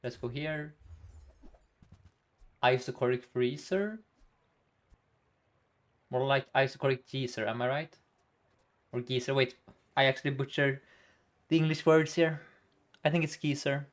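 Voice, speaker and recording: Slow-talking male game streamer. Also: mid-range voice, steady tone. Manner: chatty, thinking aloud, often laughing. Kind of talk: live game commentary.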